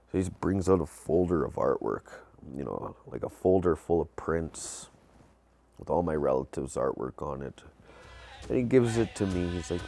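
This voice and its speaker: A man calmly recounting personal memories in an interview. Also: moderate pace, vocal fry, soft background music. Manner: low-key, reflective, with small laughs. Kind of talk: personal storytelling.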